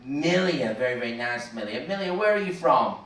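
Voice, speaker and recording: A man's voice: medium pitch, fast. A man with a Manchester accent hosting a cruise ship show on stage, teasing the audience with jokes. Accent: Manchester English. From England. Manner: joking, teasing, lively showman. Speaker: cruise director. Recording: echoey theater heard from far off over crowd noise. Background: audience cheering and laughing.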